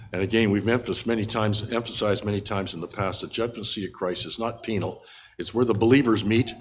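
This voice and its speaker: A man's voice: on the low side, steady tone, a little hiss or hum. An older man teaching a Bible study in an unscripted, earnest way, often stopping to restart his sentences. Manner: halting, frequent restarts and fillers, earnest.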